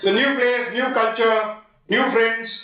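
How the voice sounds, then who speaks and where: A man's voice: very high voice, fairly even intonation, measured pace, soft background music. A middle-aged man with an Indian English accent, a guest speaker giving a playful motivational talk that quizzes and jokes with students. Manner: playful, joking, quizzing the audience. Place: large lecture hall. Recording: echoey hall, distant dull mic.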